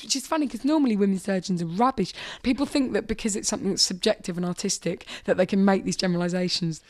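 Animated British woman comedian. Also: mid-range voice, fast, hardly any pauses. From Britain. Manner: animated, acts out quoted voices. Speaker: comedian guest. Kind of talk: casual interview chat.

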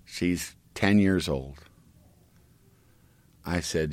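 A man's voice: fairly low pitch, very animated, measured pace, dry recording. A middle-aged man in casual chat, telling family stories in a rambling way with many restarts.

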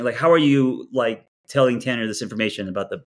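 A man coaching a couple through a therapy session, talking in an earnest, animated way and often repeating words as he starts a thought. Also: medium pitch, fast talker, noisy background. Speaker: relationship coach.

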